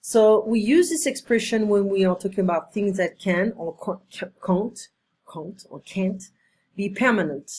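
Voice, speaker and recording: Woman teaching English, slow and careful. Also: medium pitch, lively intonation, darkish tone, slight background noise. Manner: slow, careful explaining with many example sentences. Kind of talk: one-on-one language lesson.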